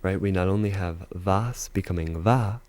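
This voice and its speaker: A man with a deep voice teaches a casual video lesson. His tone is warm and relaxed, and he works through each point step by step. He pads his talk with easy fillers and says example phrases slowly. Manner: explains step by step, repeats phrases slowly, fillers like "you know". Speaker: language teacher.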